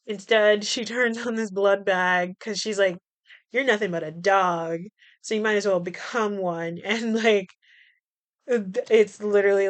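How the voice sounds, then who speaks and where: A woman with a smooth, resonant voice at an ordinary middle pitch. She hosts her own podcast and recaps a film from memory in loose, rambling chat, swearing freely and laughing as she corrects herself. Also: fairly bright tone. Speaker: podcast host.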